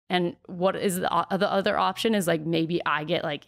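A young woman in her twenties, a podcast guest, telling stories in a candid, chatty way with lots of "like" and quick laughs. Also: fairly low pitch, fairly even intonation, gravelly. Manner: chatty storyteller, heavy use of "like", frequent laughs.

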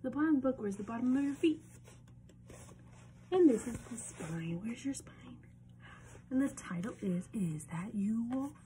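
Animated young woman reading a storybook. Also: on the high side, normal speed, long pauses, a little hiss or hum. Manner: animated, drops into whispers often. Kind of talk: picture book read-aloud for children.

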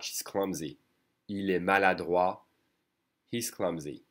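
A man with a fairly low voice teaches a lesson. He speaks patiently, says phrases slowly and repeats them. He checks in often with "okay?" and "d'accord?". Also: lively intonation. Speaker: French teacher. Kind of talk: online language lesson.

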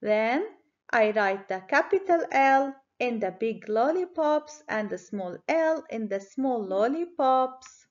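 Woman, teacher, children's phonics lesson, clear encouraging delivery, dull lo-fi sound. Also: on the high side, lively intonation, takes it slowly.

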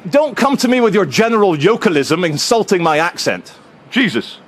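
A man's voice: sits high, normal speed. Sardonic man vlogging on a city street. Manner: calm, sardonic and unbothered when confronted. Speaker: vlogger filming in public. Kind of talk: casual on-camera commentary.

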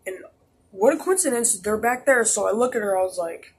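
A man's voice: high-pitched, animated, fairly quick, a little hiss or hum. Rambling teen boy telling a story. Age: teens. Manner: rambling, heavy use of "like" and restarts. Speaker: vlogger. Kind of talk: casual storytime monologue.

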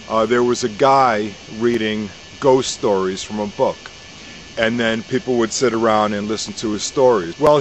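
A man's voice: medium pitch, slight background noise, low-quality recording. Folksy male storyteller. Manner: relaxed, folksy, repetitive phrasing. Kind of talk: casual oral storytelling.

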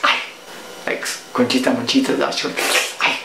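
A woman's voice: very deep voice, level tone, normal speed, vocal fry, reverberant, background noise. A woman, a cooking show host, telling a playful story in a casual vlog monologue. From Puerto Rico.

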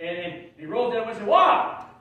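A man preaching a sermon as pastor, telling folksy stories and swinging from quiet asides to loud shouts. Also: high-pitched, fairly quick. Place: church sanctuary. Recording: very echoey church hall, mic far off.

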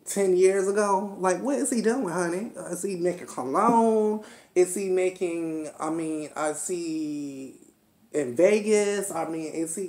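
A man's voice: a little high, darkish tone. A man vlogging a TV episode review in a sassy, profane, chatty unscripted rant, calling his viewers honey and child. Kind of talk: casual unscripted rant to camera. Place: indoor room at home. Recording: echoey room.

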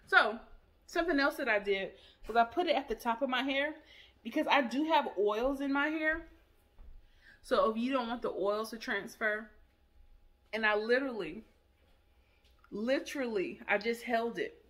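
A woman's voice: a little high, normal speed, pauses often, fairly bright tone. A woman hosting a casual product review vlog, chatty and enthusiastic, talking straight to her viewers.

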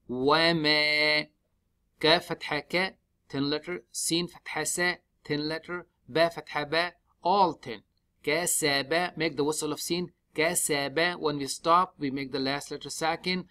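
A man teaching tajweed step by step in a mosque, spelling out letters and vowels one at a time and chanting the verses slowly and drawn out. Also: on the high side, bright, forceful tone. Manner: slow, drawn-out chanting when reciting. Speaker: Quran recitation teacher.

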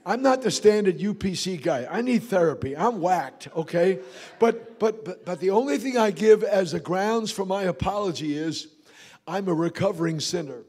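Preacher, male, high voice, fervent shouting sermon in a church. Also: lively intonation, breathy edge. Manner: fervent, shouting, quick asides to the congregation. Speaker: pastor.

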